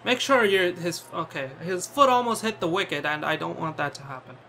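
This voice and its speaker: A man's voice: high-pitched, brisk, gravelly, sharp tone, slight background noise. A man giving casual commentary as he plays a cricket video game, bantering, swearing and talking to his player on screen.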